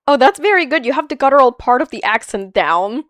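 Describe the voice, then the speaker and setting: A woman streaming a video game, chatting casually with viewers, animated and playful, laughing often and swearing freely. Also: high-pitched, brisk, no room sound. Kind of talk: casual live-stream chat reading viewer comments.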